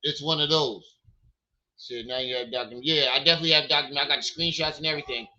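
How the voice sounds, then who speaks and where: A man hosting a heated livestream, cursing and hammering out questions in a very bright, sharp voice. The stream audio sounds dull and lo-fi. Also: fairly high pitch, steady tone, fast. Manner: angry, profane, repeated questions. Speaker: livestream host.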